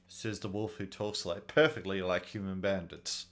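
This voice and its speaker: A man hosting a let's play, musing aloud and reading game text in a low-key way. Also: steady tone, moderate pace, a bit bright. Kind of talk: casual game playthrough commentary.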